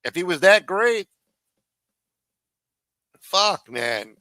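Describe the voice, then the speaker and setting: A man's voice: sits high, very animated, drawn-out words, sharp tone, no room sound. A man hosting a live stream, commenting casually on a clip in a rambling, profane, exasperated way.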